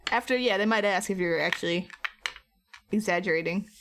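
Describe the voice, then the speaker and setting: Lady rambling on her art stream, kinda high voice, just chatting. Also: fairly even intonation, a little fast, a bit bright, slight background noise. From United States. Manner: rambling, chatty, drifting between topics. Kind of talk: casual live-stream chat while crafting.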